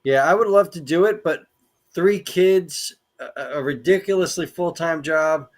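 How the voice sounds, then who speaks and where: A man's voice: a little high, measured pace. Casting: friendly male co-host with a slightly raised voice. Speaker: podcast co-host. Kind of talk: casual chat.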